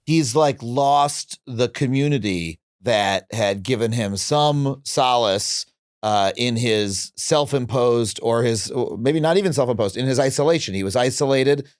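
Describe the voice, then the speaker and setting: Smooth-voiced reflective male podcast host. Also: medium pitch, a little slow, no room sound, studio quality. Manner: reflective, many restarts and fillers. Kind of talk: casual interview conversation.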